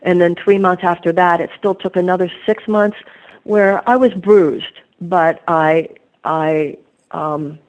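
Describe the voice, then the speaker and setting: A woman's voice: on the low side, steady tone, takes it slowly, darkish tone, muffled recording. A woman author being interviewed, telling her story in an earnest, reflective way. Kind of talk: conversational interview.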